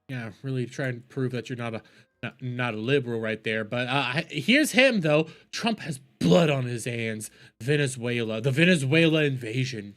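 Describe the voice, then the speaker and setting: A man's voice: mid-range voice, normal speed, fairly bright tone. A man ranting profanely in a heated, mocking commentary as a streamer reacting to videos.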